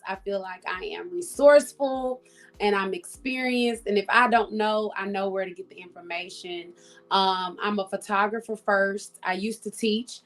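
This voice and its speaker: Upbeat woman joining a video call. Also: mid-range voice. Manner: upbeat, self-promoting. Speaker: guest, entrepreneur. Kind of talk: casual self-introduction.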